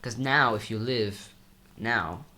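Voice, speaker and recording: A young man co-hosting a podcast, chatting casually in a rambling, halting way full of restarts. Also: on the low side, sharp tone. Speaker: podcast co-host. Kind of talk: casual chat.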